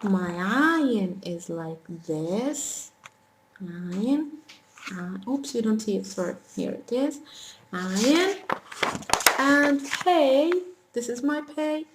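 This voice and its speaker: A woman with an Arabic accent teaching letters slowly and patiently, talking as she writes and correcting small slips. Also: on the high side, lively intonation. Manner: patient, talks while writing, small self-corrections. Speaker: language teacher. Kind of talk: slow whiteboard alphabet lesson. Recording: echoey room with faint noise.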